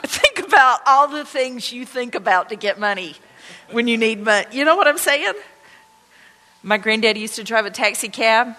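A woman pastor telling personal stories in a conversational, excited sermon to her congregation. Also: fairly high pitch, moderate pace. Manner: conversational, anecdotal, excited retelling. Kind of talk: storytelling sermon. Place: church sanctuary. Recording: long church-hall reverb.

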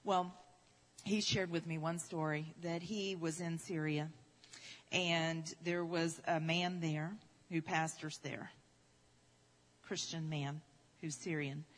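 A woman's voice: sits low, fairly even intonation, takes it slowly, long pauses. A woman preacher telling a story in a sermon, speaking emphatically, repeating key phrases and building intensity. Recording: reverberant hall.

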